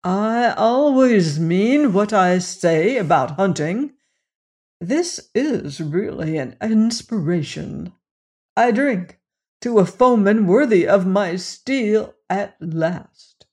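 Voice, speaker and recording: Reader doing aristocratic Cossack general, audiobook; suave, menacing, very slow and drawn out. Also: medium pitch, expressive, a little mellow. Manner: courtly, unhurried, drawn-out phrasing. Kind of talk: audiobook character reading.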